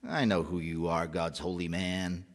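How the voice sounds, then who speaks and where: A man's voice: sits low, little pitch movement, unhurried, voice pushed down. A man voicing a defiant unclean spirit. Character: agitated unclean spirit speaking as a group, defiant.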